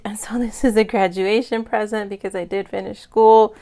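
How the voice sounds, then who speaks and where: A woman's voice: mid-range voice, steady tone, normal speed, few pauses, darkish tone. A woman vlogging casually, gushing with gratitude and close to tears. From United States. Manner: gushing, emotional, grateful. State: near tears. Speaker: budget vlogger. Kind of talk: casual vlog chat.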